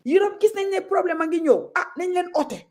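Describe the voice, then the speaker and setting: A woman's voice: very high voice, animated, a little fast, a little mellow. A Gambian woman talking as a guest on a talk show, outspoken and passionate, moving freely between Wolof and English.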